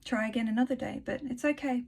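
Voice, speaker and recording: A woman talking casually in a spiritual vlog, soft-spoken and rambling, laughing often and reading a short piece aloud. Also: fairly high pitch, fairly even intonation, quick pace, gravelly. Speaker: spiritual vlogger.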